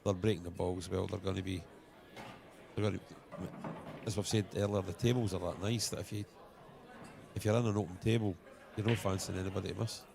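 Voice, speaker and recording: A man's voice: sits low, steady tone, a little fast, creaky, pauses often, a crowd in the background. A Scottish man commentating live on a pool match, chatting colloquially and telling anecdotes.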